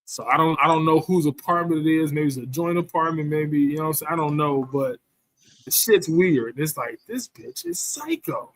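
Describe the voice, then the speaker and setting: A man's voice: fairly high pitch, expressive, normal speed, no echo. A man telling a rambling, profane story in casual chat, often asking "you know what I'm saying".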